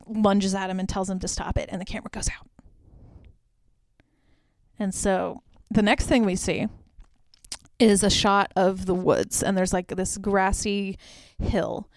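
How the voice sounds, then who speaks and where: A young woman with a mid-range voice hosts a podcast, chattily retelling a film plot with lots of fillers like "like." She quotes the characters' lines in her own voice. The recording is dry and studio quality.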